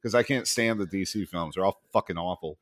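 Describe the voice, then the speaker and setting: A man co-hosting a casual podcast, giving blunt opinions with swearing and quick laughs. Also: deep voice, fairly bright tone, no room sound, clean studio sound. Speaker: podcast co-host. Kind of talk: casual chat.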